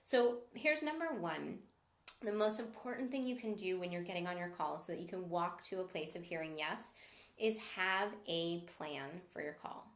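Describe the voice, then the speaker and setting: A woman's voice: fairly low pitch, a little fast, echoey room. A woman sales coach giving a live-stream training, upbeat and encouraging, stopping to greet viewers as she teaches.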